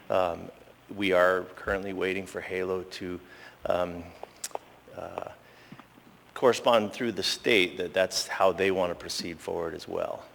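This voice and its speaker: Gravelly deep-voiced fire marshal. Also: male voice, a bit bright, in a large hall, a little hiss or hum. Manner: halting, with many fillers. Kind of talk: formal public meeting testimony. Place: assembly chamber.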